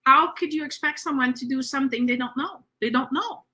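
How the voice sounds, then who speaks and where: A woman's voice: sits high, fairly quick, sharp tone. A woman hosting a spiritual podcast, talking in an earnest, reassuring way with frequent fillers. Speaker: podcast host. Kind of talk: casual spiritual conversation.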